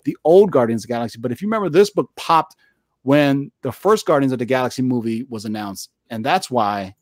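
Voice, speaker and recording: A man co-hosting a casual chat, talking in an animated way with lots of fillers. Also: medium pitch, no echo, clean studio sound. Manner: animated, talks fast with frequent fillers. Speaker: co-host. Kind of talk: casual comic book collecting chat.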